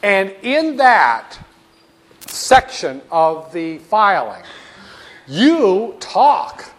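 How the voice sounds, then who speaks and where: A man's voice: sits high, very animated, extremely slow. A man giving a classroom lecture on finance, wry and storytelling, with asides to the class.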